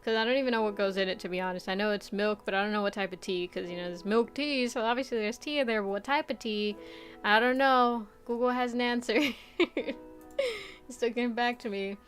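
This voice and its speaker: A young woman from the Midwest streaming a casual chat, animated and chatty, laughing often as she reads chat aloud. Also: fairly high pitch, brisk, faint music behind. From Midwest United States.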